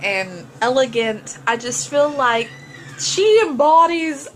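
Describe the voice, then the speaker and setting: A woman's voice: high-pitched, animated, takes it slowly, a little hiss or hum. A young woman hosting a casual book vlog, chatty and giggly as she gushes about her picks. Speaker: book vlogger host. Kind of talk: casual chat to camera.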